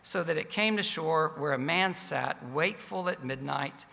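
A man voicing a hushed, gentle great lion. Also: a little high, moderate pace, creaky, in a large hall. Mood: gentle, solemn. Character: vast unseen lion, calm and tender.

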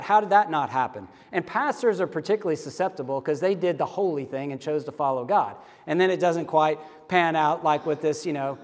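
A man's voice: fairly high pitch, long reverb tail. A middle-aged man preaching a sermon as a pastor, in a conversational, candid storytelling manner.

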